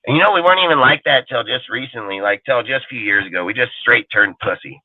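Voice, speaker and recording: A man's voice: mid-range voice, lively intonation, quick pace, slightly rough, dry recording. A young man ranting heatedly and profanely as the host of a call-in show, swaggering and blunt. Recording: tinny phone-line sound.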